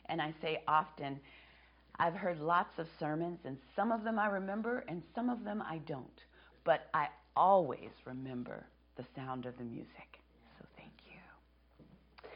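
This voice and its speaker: A woman in her fifties giving a sermon as a guest preacher in a church, speaking softly and reflectively and dropping to a whisper on key phrases. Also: low-pitched, slightly rough. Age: 50s. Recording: dull lo-fi sermon recording.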